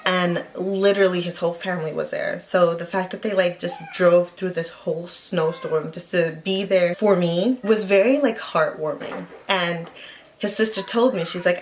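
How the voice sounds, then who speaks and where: Woman vlogger, storytime chat, slightly low voice, rambling, filler-heavy. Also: fairly even intonation, moderate pace, a little mellow, a little hiss or hum. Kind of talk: storytime vlog, casual chat.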